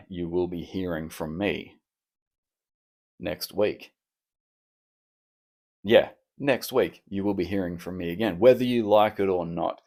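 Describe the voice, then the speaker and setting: A man's voice: deep voice, a little mellow. A man hosting a solo podcast, chatting in a rambling, cheeky, self-mocking way. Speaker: podcast host. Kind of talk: casual solo podcast chat.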